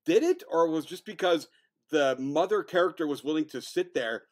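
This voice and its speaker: A man co-hosting a casual film review podcast, talking with animated, profane energy. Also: on the high side, brisk. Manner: profane, animated, mocking impressions. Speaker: podcast co-host.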